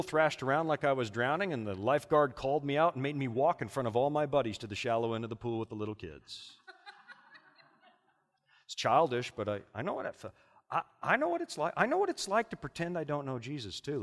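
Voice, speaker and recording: A man's voice: medium pitch, big-room sound. A middle-aged man preaching a sermon with dramatic, impassioned storytelling.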